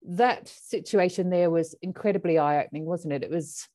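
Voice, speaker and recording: A woman's voice: lowish voice, moderate pace, no echo, studio quality. A woman from Australia, an animal communicator talking casually, telling stories animatedly and acting out voices. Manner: animated storyteller who acts out voices. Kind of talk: casual conversation.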